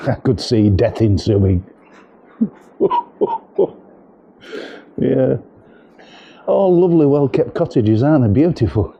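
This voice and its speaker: Speaking in a mellow, husky mid-range voice with vocal fry and big swings in pitch, a middle-aged vlogger talks a little slowly while walking. He jokes and rambles with ums as he films windy outdoor steps and narrow yards, captured by a camera mic with a windshield.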